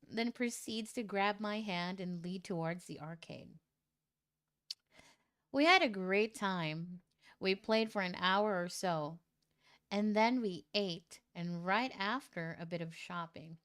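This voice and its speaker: A woman streamer reading out a viewer's love story in a casual way, breaking into loud, shocked reactions and swearing. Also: mid-range voice, animated, takes it slowly, long pauses.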